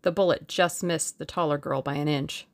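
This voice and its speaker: A woman narrating an audiobook in a measured, steady storytelling way. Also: low voice.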